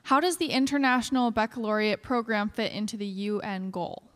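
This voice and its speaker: A woman's voice: medium pitch, a little fast. A woman moderating a conference Q&A, reading out audience questions in a casual, friendly way. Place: large conference hall.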